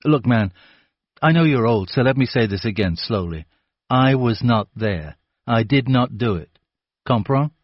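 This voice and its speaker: A man's voice: medium pitch, lively intonation, moderate pace, breathy edge, no echo, highs cut off. A man voicing a sullen, defiant teenage boy who mocks the police in an audiobook. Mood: mocking. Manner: sneering, mocking.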